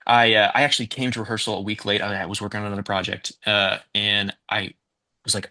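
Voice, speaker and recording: A man's voice: lowish voice, brisk. A man, a musical theater actor, telling backstage stories in a casual interview with lots of energy and acted-out quotes. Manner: animated storyteller, acts out quotes, says "man" and "like".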